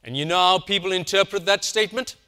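A man delivering a sermon in a high, bright voice. He leans on key words by slowing down and going quiet, then climbs back up to a loud, insistent push. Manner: swings from quiet, slow emphasis to loud, rising insistence. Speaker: pastor.

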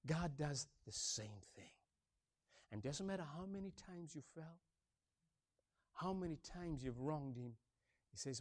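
A man over fifty from Africa preaching a sermon, booming on key points, then dropping low and soft, and repeating his phrases. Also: expressive, measured pace, pauses often. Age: older, over fifty. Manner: swings between booming emphasis and hushed softness, repeats key phrases.

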